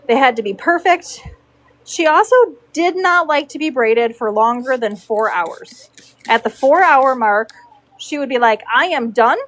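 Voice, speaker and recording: A woman with a high, bright voice tells a story in a casual way, acting out each person she quotes. The sound is dry and close, with no room around it. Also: no echo, low-quality recording. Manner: animated, acts out quoted dialogue. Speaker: horse braider telling a story.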